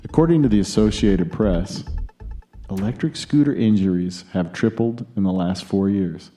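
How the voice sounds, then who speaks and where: American guy hosting a podcast, very dark mellow voice, on the low side, chatty and jokey. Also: normal speed, faint music behind. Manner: jokey asides, chatty and opinionated. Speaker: podcast host. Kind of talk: casual podcast news chat.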